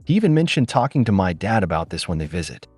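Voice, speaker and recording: A man with a lowish voice reads online posts aloud as scripted narration, his pitch rising and falling with lively movement. The voice is close and dry, with faint background music underneath. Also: fast talker, breathy edge, no room sound. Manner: lively storytelling reading.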